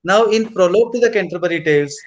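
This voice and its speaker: A man teaching a literature class, repeating key points slowly as if dictating notes. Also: sits high, a little hiss or hum. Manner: mixes in Hindi instructions. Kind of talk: classroom lecture.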